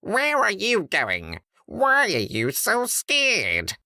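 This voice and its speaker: A woman voicing an easygoing duck who speaks in slow, drawn-out words. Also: medium pitch, huge pitch swings, sharp tone, no room sound, studio quality, voice pushed up, heavily acted. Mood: worried.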